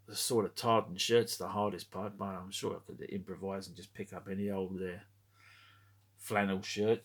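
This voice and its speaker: A middle-aged man chatting casually to camera as a collectibles vlogger, rambling, swearing a lot, chuckling and trailing off mid-thought. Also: on the low side.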